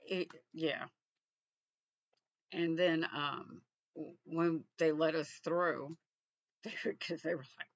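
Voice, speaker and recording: A man from Texas, vlogging in a reflective, halting way with frequent restarts. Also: fairly high pitch, vocal fry, fairly bright tone, dry recording, lo-fi sound. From Texas, USA. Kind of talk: casual personal vlog.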